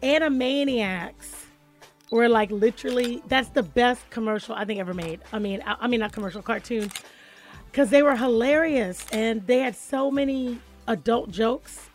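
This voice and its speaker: A playful woman hosts a radio talk show from the studio, teasing her co-hosts and talking to listeners. Her voice sits a bit high. Faint music plays behind her. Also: moderate pace. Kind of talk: casual radio chat.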